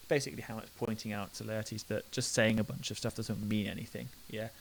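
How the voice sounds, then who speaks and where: A man talks his students through a play, reading old lines and then recasting them in loose modern slang. His voice sits a little low. A faint hiss runs under the recording. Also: little pitch movement, fairly quick, vocal fry, poor audio. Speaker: English literature teacher. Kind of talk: talking through a play line by line.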